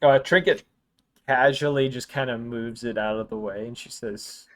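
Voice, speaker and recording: A man narrates a tabletop game as game master at an ordinary middle pitch. He talks loosely and chattily and breaks into laughs often. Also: moderate pace, a bit bright.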